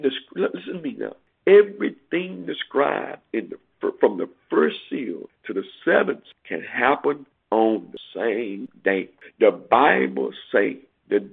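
A male preacher delivers an emphatic sermon in a gravelly, husky voice. He repeats phrases and jumps up in pitch to drive home his warnings. The sound is a tinny, phone-like radio broadcast. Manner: emphatic, repeats phrases, swings from low to high pitch when stressing points.

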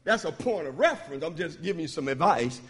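A man with a high voice preaches quickly and with lively intonation, trading loud declarations for quiet, confiding asides in an emphatic call-and-response. The sermon echoes through a church sanctuary with a long, trailing reverb.

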